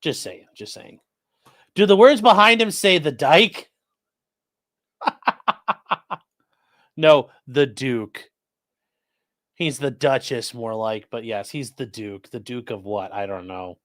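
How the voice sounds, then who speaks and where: A man's voice: medium pitch, animated, slow, long pauses, fairly bright tone. A man hosting a livestream, commenting on court filings in a mocking, profane way. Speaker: livestream host. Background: live chat stream.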